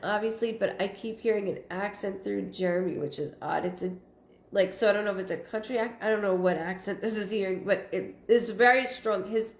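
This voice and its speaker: A woman psychic medium hosting a live stream, reading out viewer comments and thinking aloud in fragmented, repeated phrases. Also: mid-range voice. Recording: roomy echo.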